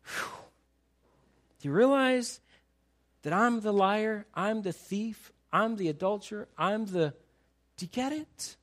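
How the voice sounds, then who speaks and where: A man preaching a sermon to his congregation, animated and emphatic, teasing the crowd and acting out quotes. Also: sits high, slow, long pauses. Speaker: pastor.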